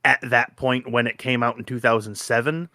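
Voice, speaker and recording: A man in his thirties co-hosting a podcast, chatting casually and excitedly, swearing often and acting out his own reactions. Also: mid-range voice, normal speed, dry recording, studio quality. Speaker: podcast co-host. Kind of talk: casual chat.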